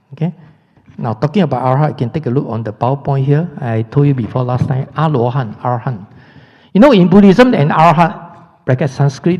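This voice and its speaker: A man's voice: a little high, dark tone. A man with a Singaporean English accent teaching a Buddhist dharma class, chatty and throwing rhetorical questions at the class. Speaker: Buddhist monk lecturer. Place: lecture hall. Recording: dull lo-fi hall recording.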